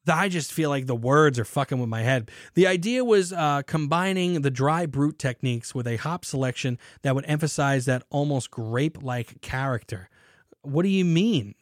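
A man hosts a casual beer show, reading articles aloud and stopping to rant with sarcasm and curse words. His voice sits at an ordinary pitch in a dry, close room. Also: expressive, normal speed, no room sound. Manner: sarcastic, swearing, rants with rising exasperation. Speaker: podcast host.

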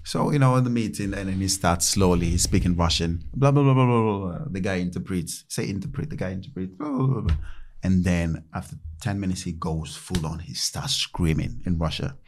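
A man's voice: low voice, brisk, a little hiss or hum. A man in his thirties, a former footballer, telling stories in a casual interview and acting out quotes in a raised voice. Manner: animated, acts out quotes in raised voice.

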